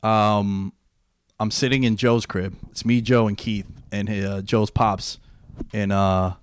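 A young man hosting a casual podcast, telling sports stories with excitement and plenty of swearing. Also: fairly low pitch, slow pace, clean tone. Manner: excitable storyteller, swears freely. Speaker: podcast host. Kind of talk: casual chat.

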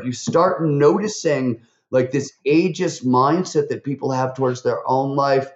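A man, a podcast guest, tells stories in an animated way, with lots of fillers and restarts. His voice jumps up when he quotes people. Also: fairly high pitch, measured pace, few pauses. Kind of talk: animated interview storytelling. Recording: roomy, slightly dull recording.

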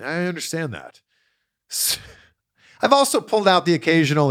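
A man's voice: a little high, normal speed. A man hosting a casual fan Q&A, telling stories with an easy, chatty manner and frequent laughs. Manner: lively, laughs often, chatty storytelling. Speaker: host of a wrestling Q&A show. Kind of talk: casual chat answering fan questions.

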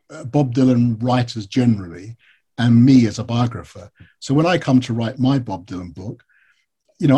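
A man from England, an author being interviewed, who tells stories in a lively way with many fillers and restarts. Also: mid-range voice, husky. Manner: animated storytelling, frequent fillers and restarts. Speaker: author and biographer, interview guest. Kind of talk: conversational interview.

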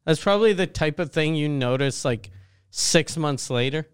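A man's voice: fairly high pitch, expressive, moderate pace, clear, resonant tone, no echo, clean studio sound. A man in casual chat, asking questions and cracking wry jokes.

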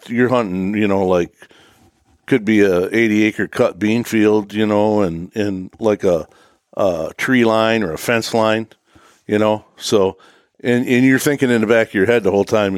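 A man's voice: on the low side, fairly even intonation, moderate pace, no echo, clean studio sound. A man telling a hunting story in a casual podcast chat, rambling and saying "you know" a lot. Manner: rambling, filler-heavy, says "you know" constantly. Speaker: podcast guest.

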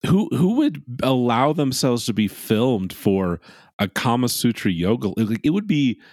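A man's voice: mid-range voice, very animated, unhurried, a little mellow, no room sound, studio quality. A young man co-hosting a podcast, sarcastic and swearing casually. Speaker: podcast co-host. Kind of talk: casual chat recapping a reality show.

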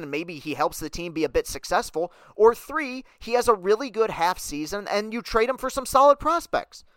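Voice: medium pitch, a bit bright, no echo. A podcast host delivering a heated, sarcastic sports talk monologue on a close mic.

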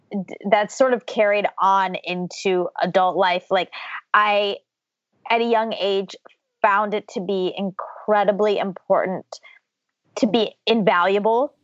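A woman's voice: mid-range voice, fairly even intonation, slow, no room sound, highs cut off. A woman from the US state of Georgia, a podcast guest, talking reflectively about her childhood and laughing often. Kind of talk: casual interview conversation.

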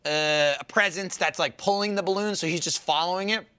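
A man's voice: sits high, fairly quick, smooth. A young man on a podcast panel, telling stories in a casual chat, acting out voices and swearing freely. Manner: animated storyteller, acts out voices, swears freely.

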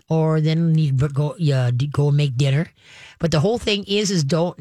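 A man's voice: on the high side, dry recording, clean studio sound. A man hosting a call-in radio show on pet advice, talking in a folksy, rambling way with many fillers and restarts. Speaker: radio pet expert host.

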